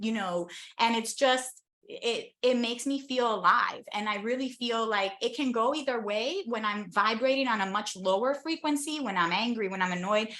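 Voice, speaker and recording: A young adult woman from the United States tells her travel stories to an interviewer in an animated, enthusiastic flow, dotted with quick asides. Her voice sits a little high and sounds bright and forward, with a crisp edge. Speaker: interview guest, travel content creator. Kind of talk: casual storytelling in an interview.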